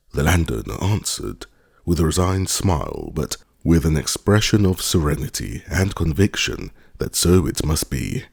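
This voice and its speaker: A man narrating a classic novel as an audiobook in an expressive, measured reading. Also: very deep voice, gravelly, breathy edge, no room sound, studio quality. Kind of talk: scripted narration.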